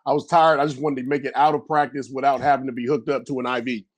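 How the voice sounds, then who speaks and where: A middle-aged man, a former pro football player, telling loose, rambling stories in a casual podcast interview and acting out yelling coaches. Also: mid-range voice, quick pace. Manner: animated storyteller, acts out coaches yelling; loose, rambling with many restarts.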